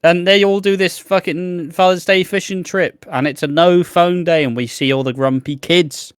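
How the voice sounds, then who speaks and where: A man's voice: sits high, steady tone, normal speed, clear, resonant tone, dry recording, studio quality. A man co-hosting a podcast, brash and jokey, swearing freely in casual chat. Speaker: podcast co-host. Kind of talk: casual chat recapping a soap.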